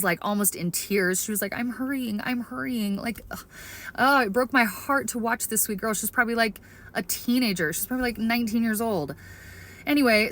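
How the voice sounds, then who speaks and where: A woman's voice: mid-range voice, fairly bright tone. A woman earnestly and emphatically sharing her opinion and a personal story in a vlog. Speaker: video creator. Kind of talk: opinion vlog talking to camera.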